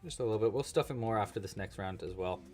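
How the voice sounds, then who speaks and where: A man's voice: lowish voice, quick pace, darkish tone, faint music behind. A man hosting a live crochet-along, chatting casually and joking while he thinks aloud about his work. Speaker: livestream crochet host.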